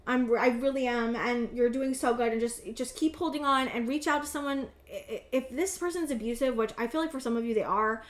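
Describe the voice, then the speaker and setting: A woman in her thirties giving a casual tarot reading to camera, earnest and halting, often repeating words. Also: high-pitched. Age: 30s. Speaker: tarot reader. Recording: roomy echo.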